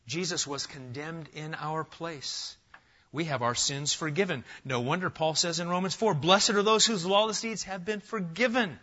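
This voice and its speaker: A man's voice: fairly high pitch, normal speed. Emphatic preaching man, lo-fi sound. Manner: emphatic preaching, rising to loud declarations. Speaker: pastor. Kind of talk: sermon.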